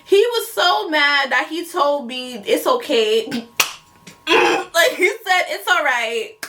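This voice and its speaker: A young woman recounts a story to camera in lively, slangy casual talk. Her voice sits a little high and swings between bursts and murmurs. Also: slow, background noise. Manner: animated, laughing, slangy retelling. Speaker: vlogger.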